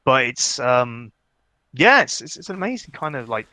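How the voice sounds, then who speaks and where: A man's voice: mid-range voice, very animated, normal speed, bright, forceful tone, dry recording. A man co-hosting a podcast, chatting casually about a game with lots of fillers and restarts while chewing gum. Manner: rambling, many fillers and restarts. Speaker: podcast co-host. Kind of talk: casual gaming chat.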